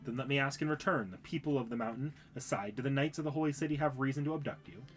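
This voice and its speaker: A man's voice: mid-range voice, fast, soft background music, natural voice. A man reading as an earnest young knight. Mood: firm. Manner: calm, formal.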